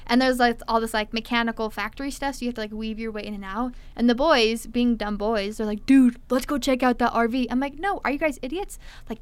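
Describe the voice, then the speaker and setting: Animated young woman telling a story. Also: fairly high pitch, clean tone, no echo. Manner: animated, acts out quotes, heavy filler "like". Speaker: storyteller guest. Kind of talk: casual storytelling chat.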